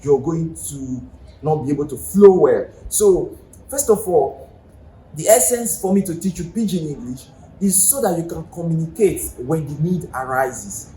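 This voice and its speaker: A man's voice: on the high side, expressive, measured pace, mellow. Chatty Nigerian man teaching a lesson. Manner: chatty, explanatory, asks the viewer questions. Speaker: language teacher. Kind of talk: casual video lesson. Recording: echoey room with faint ambient noise.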